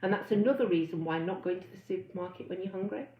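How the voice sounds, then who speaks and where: A woman's voice: on the low side, fast talker. A woman weight-loss coach giving a chatty live online talk, reading out comments and acting out inner voices. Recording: roomy, slightly dull sound.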